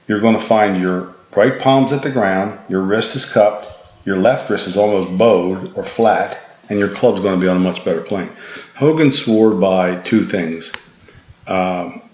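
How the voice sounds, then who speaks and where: A tired man with a low voice coaches a golf student through a swing analysis, patient and instructive and often restarting his sentences. The recording is echoey and dull, with a lo-fi edge. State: tired, yawning. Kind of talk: swing analysis voice-over lesson.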